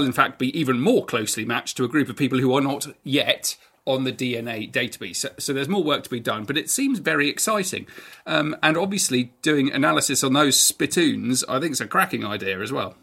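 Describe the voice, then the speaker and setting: A man's voice: mid-range voice, vocal fry, fairly bright tone. Man explaining with enthusiasm. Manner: enthusiastic, explanatory, some restarts. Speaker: podcast co-host. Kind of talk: casual chat.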